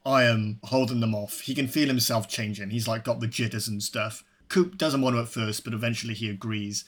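A man's voice: mid-range voice, fairly quick, husky. A man from Wales chatting casually about a film as podcast co-host, laid-back and swearing freely with frequent laughter.

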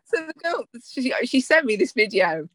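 A woman's voice: high-pitched, moderate pace, no room sound. Gushing woman co-host, very dry close sound. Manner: excitable, laughs often, gushing. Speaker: podcast co-host. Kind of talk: casual chat.

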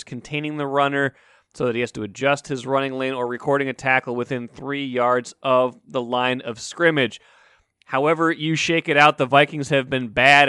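Bright, clear-voiced sports host. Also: male voice, mid-range voice, dry recording, studio quality. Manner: plain and steady, reading out stats. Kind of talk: sports talk hosting.

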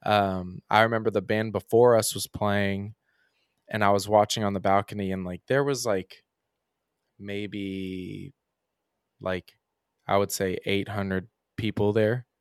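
A young man talks casually as a podcast guest, his low voice smooth and resonant. He rambles through his stories, leaning on "like" and "um" as he goes. The sound is close and dry, with no room around it. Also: steady tone, unhurried, dry recording. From Kentucky. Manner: rambling, frequent "like" and "um" fillers. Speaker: musician guest.

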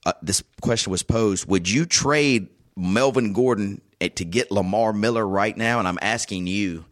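A man hosting a casual sports betting chat, telling stories with excitable, animated bursts. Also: lowish voice, normal speed. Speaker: sports betting show host.

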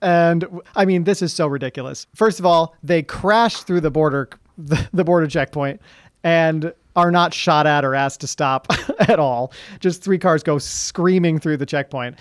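A man's voice: on the high side, normal speed, no room sound, studio quality. A man co-hosting a podcast in casual chat, making sarcastic remarks and laughing often. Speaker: podcast co-host.

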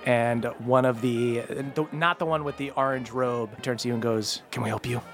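A man narrating a tabletop game as game master, playful and quick to laugh. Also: mid-range voice, steady tone, fairly bright tone, soft background music.

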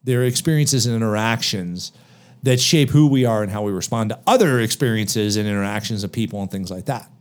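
A man's voice: lowish voice, fairly quick. A man speaking on a podcast about a book of motivational advice, emphatic and full of rhetorical questions. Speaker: podcast guest author.

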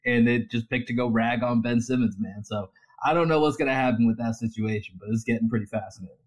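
Slightly husky man explaining calmly. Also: medium pitch, fast talker. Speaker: podcast co-host. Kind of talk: casual sports podcast chat.

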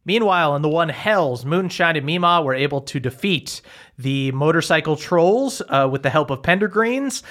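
A man runs a tabletop game as its game master, his voice sitting a little high for a man. He narrates loosely, with plenty of ums, uhs and restarts. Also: moderate pace. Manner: relaxed, frequent fillers and restarts.

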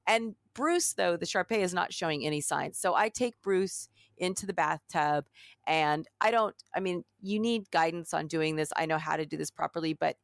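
A woman with a gravelly, fairly low voice tells a lively story while co-hosting a podcast in casual chat. She's an animated storyteller who acts out quotes, speaking at normal speed in a dry, clean studio recording.

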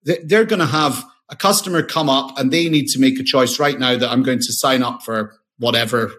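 An eager male founder who talks at a mid pitch in casual interview conversation. He tends to stumble over his words, restarting and repeating himself as his ideas tumble out. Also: a little fast, fairly bright tone. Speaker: founder and CEO, podcast guest.

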